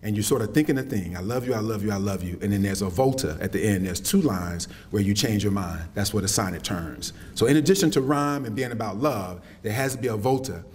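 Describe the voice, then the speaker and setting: A middle-aged man from South Carolina, lecturing on campus with animated storytelling and folksy asides. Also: lowish voice, a little fast, few pauses. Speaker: poet lecturing. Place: lecture hall.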